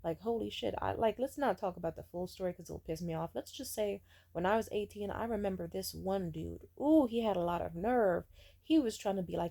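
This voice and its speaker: A woman's voice: medium pitch, a little fast, vocal fry, mellow. A young woman telling dating stories in a casual rant, blunt, profane and sarcastic, mocking people in put-on voices. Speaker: storyteller vlogger. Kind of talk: casual ranting storytime.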